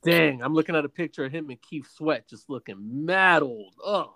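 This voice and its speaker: A man co-hosting a casual chat, animated and joking, exclaiming a lot. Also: fairly high pitch, normal speed, creaky. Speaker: podcast co-host.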